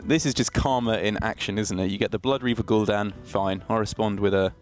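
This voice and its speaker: A man commentating a live game, working through the plays aloud and breaking into excitement at the big moments. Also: lowish voice, brisk, soft background music. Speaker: esports commentator.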